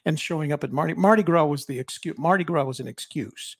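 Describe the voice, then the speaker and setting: Gravelly man musing in a rambling chat. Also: a little high, quick pace, dry recording, studio quality. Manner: rambling, reflective, many restarts. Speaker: co-host and author. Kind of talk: casual chat.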